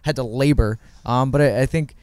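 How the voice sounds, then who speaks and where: A man co-hosting a casual sports podcast, giving quick, earnest match analysis. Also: mid-range voice, darkish tone, clean tone, no room sound. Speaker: podcast co-host, works in club's digital department.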